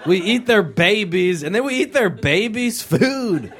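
A young man from Rhode Island, doing a stand-up comedy set with deadpan delivery. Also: unhurried, a faint crowd. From Rhode Island, USA. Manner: deadpan delivery with sudden high-pitched character voices.

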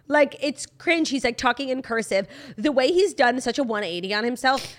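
Opinionated woman gossiping, fairly high voice. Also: normal speed. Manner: opinionated, animated, heavy use of "like". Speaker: podcast co-host. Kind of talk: casual celebrity gossip chat.

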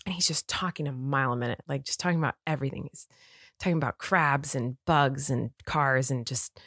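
A woman's voice: rumbling low, a little fast, fairly bright tone, dry recording, studio quality. A woman co-hosting a casual podcast, telling stories in a chatty way with lots of fillers. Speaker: podcast co-host. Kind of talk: casual chat.

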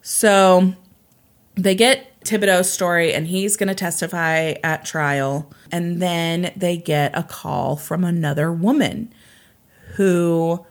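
A woman telling a true crime case in casual chat, acting out quotes and swearing casually. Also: takes it slowly. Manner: animated, acts out quotes with raised pitch, swears casually.

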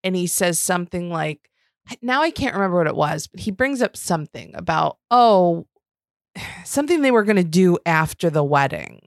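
Female podcast co-host, low-ish voice, dry close sound, loose chatty delivery with casual swearing. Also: moderate pace, no echo. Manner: chatty, swears freely, animated retelling. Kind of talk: casual chat.

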